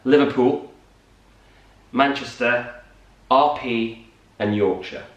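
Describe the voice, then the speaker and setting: A man's voice: mid-range voice, slow pace, far from the mic, dull audio. Lancashire man chatting in a roomy room. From North West England. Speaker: co-host, musical theatre performer. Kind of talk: casual morning chat. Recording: roomy, from off-mic.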